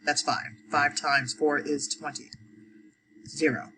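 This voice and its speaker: A woman's voice: deep voice, steady tone, slow, pushed and bright, slight background noise, rough recording. A woman teaching adult education math, talking through each step of a problem, counting aloud, with frequent fillers.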